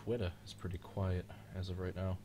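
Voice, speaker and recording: A young man hosts a live race reaction stream, his voice sitting low and deep. He jokes around, gets excited at the action, and lets slip the odd curse. A faint background hiss runs under the talk. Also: normal speed. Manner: joking, excitable, mild swearing. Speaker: host of a live-streamed racing reaction show.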